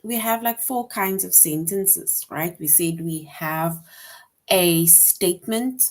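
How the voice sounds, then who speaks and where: A woman's voice: on the low side, takes it slowly. A woman teaching a grammar lesson to young children, patient and repetitive, often checking with "right?".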